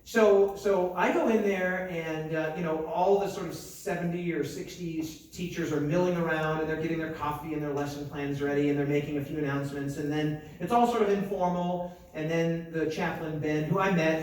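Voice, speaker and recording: A young American pastor with a fairly high voice, preaching through funny stories and playing the people in them. He sounds far from the microphone in a big, heavily echoing hall. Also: fairly even intonation, normal speed, a little mellow. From United States. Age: young adult. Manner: chatty and self-mocking, with asides and acted-out dialogue. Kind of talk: storytelling conference sermon. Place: large conference hall. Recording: very echoey hall, mic far off.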